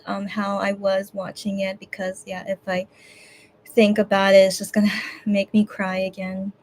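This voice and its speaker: With a fairly high, somewhat dark voice, a streamer hosting a watch party for fans talks to her audience in a casual but emotional way. She's teary and near tears, wandering through her thoughts with many false starts and fillers.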